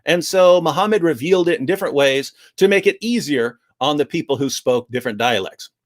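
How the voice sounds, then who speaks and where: A man's voice: on the high side, animated, fairly quick, lightly acted. A man parodying a male believer who glibly repeats a stock answer he was taught. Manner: glib, rote, reassuring.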